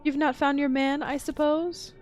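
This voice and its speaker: A woman's voice: high voice, little pitch movement, moderate pace, darkish tone, soft background music, pitched above the performer's own voice, lightly acted. A woman voicing an aloof older English lady with a languid, haughty drawl.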